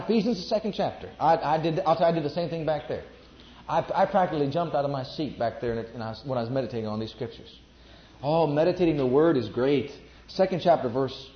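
A man preaching a sermon to a congregation, emphatic and repeating his declarations. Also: a little high. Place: church before a congregation. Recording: echoey, dull lo-fi recording.

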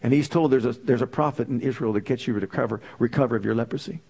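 A man's voice: mid-range voice, very fast, gravelly, warm tone, breathy edge. A man preaching a sermon, emphatic and full of rhetorical questions.

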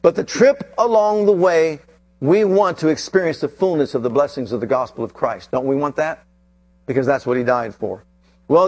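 A man preaching a sermon with passion, swinging between loud bursts and hushed, drawn-out lines. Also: on the high side.

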